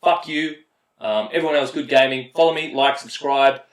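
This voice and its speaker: A man's voice: medium pitch, normal speed, reverberant, poor audio. Profane Australian man ranting over gameplay. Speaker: mobile game player and channel host. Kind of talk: casual gameplay commentary.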